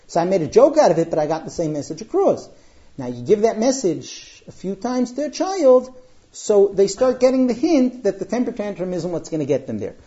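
Animated parenting speaker, dull lo-fi sound. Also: medium pitch, moderate pace. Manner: animated storyteller who acts out quotes. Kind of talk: parenting talk to a live audience.

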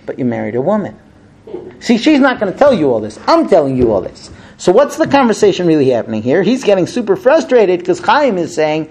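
This man talks a little fast in a high voice as he gives an energetic marriage class to a small group. Storytelling with animation, he switches back and forth to play both spouses.

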